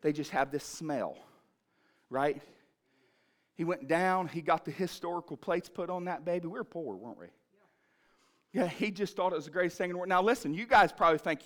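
A male pastor preaching in church, moving from shouted fervor to quiet, low storytelling. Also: animated, a little fast. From Ohio, USA. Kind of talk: sermon. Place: church sanctuary.

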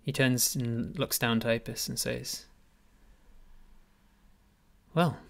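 A man's voice: mid-range voice, little pitch movement, moderate pace, creaky. A man acting as game master, narrating a tabletop game with vivid description.

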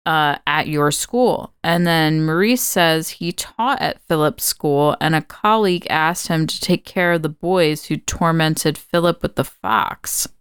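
A woman with a low, very clear and smooth voice talks through a film from her notes in relaxed podcast chat. She laughs often and swears freely. The sound is close and dry, with no room around it. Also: unhurried, hardly any pauses, no room sound. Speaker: podcast co-host. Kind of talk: casual movie recap chat.

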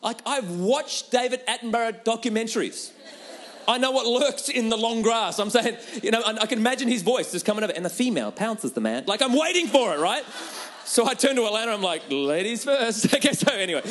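A man's voice: high-pitched, fairly bright tone. A man preaching a humorous sermon, telling a personal story with laughter and a repeated rhetorical question.

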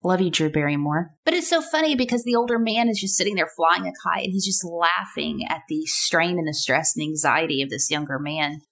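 A woman's voice: on the low side, a little fast, few pauses, a bit bright. A woman in her thirties hosting a casual solo podcast, chatty and playful, full of rhetorical questions. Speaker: podcast host.

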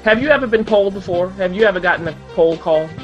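A woman's voice: mid-range voice, quick pace, dull audio, soft background music. A woman hosting a casual chat, assertive and playful, often laughing.

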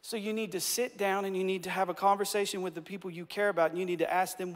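A man in his forties preaching a sermon from a stage, telling stories in an animated, emphatic and self-deprecating way. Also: high voice, fast talker, few pauses. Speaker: pastor. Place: stage in a large hall. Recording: reverberant hall.

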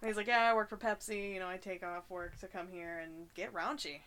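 A young woman co-hosting a casual podcast, chatty and wry, animated when she quotes people. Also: fairly low pitch, fairly quick, a little hiss or hum. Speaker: podcast co-host. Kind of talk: casual chat.

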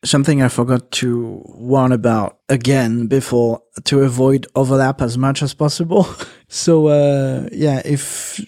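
A man hosting a casual podcast chat, talking in a halting way with many fillers and restarts. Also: mid-range voice, fairly even intonation, dark tone. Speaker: podcast host.

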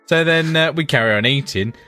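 A man co-hosting a podcast, telling a story in a casual, animated way and swearing freely. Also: fairly high pitch, fairly quick, soft background music. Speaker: podcast co-host. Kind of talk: casual chat.

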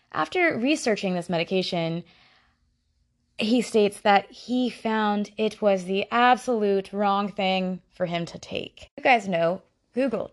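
A woman's voice: medium pitch, a little mellow. Woman podcaster, blunt, swears a lot, candid side rants, casual chat. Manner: blunt, swears freely, frank asides. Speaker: podcast host. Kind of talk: casual true-crime podcast talk.

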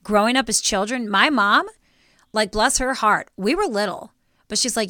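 An animated woman talks through a casual faith podcast, close to tears. Her voice is bright and clear, and the recording is dry and close. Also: mid-range voice, normal speed, dry recording. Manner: emotional, animated storytelling. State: teary. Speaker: podcast co-host.

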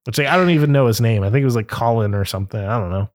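A man's voice: medium pitch, very fast. A young adult man hosting a podcast in casual chat, rambling with many fillers and laughing easily. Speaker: podcast host.

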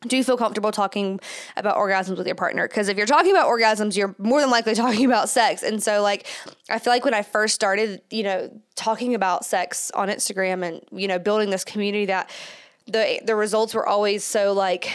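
A woman's voice: medium pitch, fairly even intonation, fairly quick, clear, resonant tone. A woman hosting a casual solo podcast, chatty and full of fillers, slightly out of breath with a stuffed-up nose. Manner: chatty, filler-heavy, laughs often. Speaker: podcast host.

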